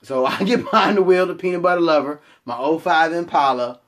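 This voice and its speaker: A young man with a fairly high-pitched voice tells a story from his own life straight to camera. He rambles, swears freely and pokes fun at himself in quick asides. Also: a bit bright. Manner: rambling, profane, self-mocking asides. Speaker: vlogger.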